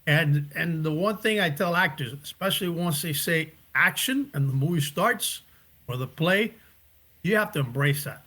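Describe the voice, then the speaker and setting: A man being interviewed about his acting work, talking in a reflective, casual way and often pausing to find his words. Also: on the high side, lively intonation, bright, forceful tone, breathy edge. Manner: reflective, searching for words, restarts. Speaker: actor and director, guest.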